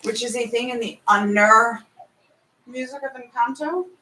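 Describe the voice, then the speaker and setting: A woman songwriter talking through her show, higher voice, lively, chanting lyrics, roomy and off mic. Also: moderate pace, recorded from a distance. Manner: animated, breaks into sung and chanted lines. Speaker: songwriter pitching a musical. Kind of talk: casual pitch, half-sung lyrics.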